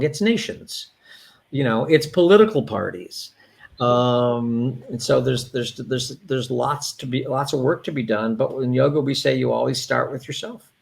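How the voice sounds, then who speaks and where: A man's voice: mid-range voice, vocal fry. A man, a yoga therapist, chatting candidly as an interview guest with many restarts. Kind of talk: casual conversational interview.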